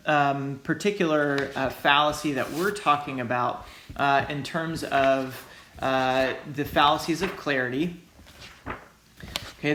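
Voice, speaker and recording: A man's voice: a little high, fairly bright tone, roomy sound, slight background noise. A male teacher giving a recorded lecture in a loose, hedging way, often checking in with "right?" and "okay?". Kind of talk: recorded lecture explaining logic.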